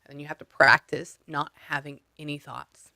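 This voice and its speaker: A man's voice: a little high, level tone, moderate pace, creaky, bright, forceful tone, no room sound. A man working as a spiritual medium, coaching a client step by step over a video call in a blunt, casual way and swearing freely.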